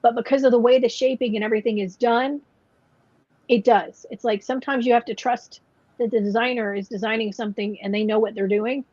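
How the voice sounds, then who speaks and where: A woman's voice: fairly high pitch, steady tone, fairly quick, a little mellow, no echo. A woman co-hosting a casual chat podcast, rambling with lots of "like" and "you know" fillers. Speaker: podcast co-host. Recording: dull lo-fi podcast audio.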